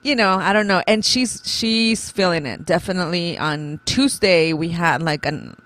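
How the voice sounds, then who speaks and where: Low-voiced woman co-hosting a casual chat. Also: normal speed. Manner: chatty, laughs often, animated retelling. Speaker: co-host.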